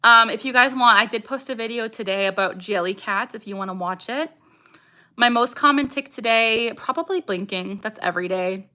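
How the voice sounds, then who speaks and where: Her voice sits a little high, with a moderate pace and a sharp edge. She's a young Canadian woman running a casual livestream, chatting with viewers and reading their comments aloud while vocal tics interrupt her speech.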